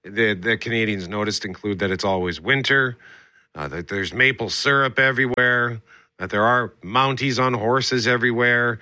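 A male radio host with a bright, forward voice talks in a relaxed way. He is recorded close and dry in the studio, calmly going through survey findings. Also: lowish voice, no echo. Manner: relaxed, reads survey results aloud. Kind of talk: casual radio chat.

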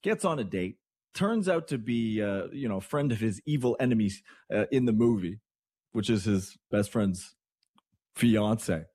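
A man from Canada hosting morning radio, talking in a chatty, rambling way with excitable asides. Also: lowish voice, measured pace, no echo, clean studio sound. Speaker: radio host.

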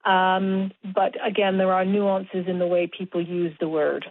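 A woman's voice: on the low side, level tone, no echo. Woman speaking over a tinny phone line. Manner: measured, reflective explanations. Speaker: guest, doctor and mountaineer. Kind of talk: radio interview over the phone.

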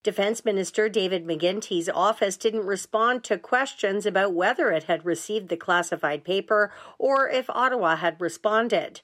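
A woman news anchor reading a radio newscast in a measured, even delivery. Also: medium pitch.

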